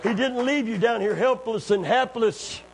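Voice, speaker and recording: A man preaching a sermon, calling for amens and building up to shouting. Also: very high voice, normal speed, creaky, husky. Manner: call-and-response, building to shouting.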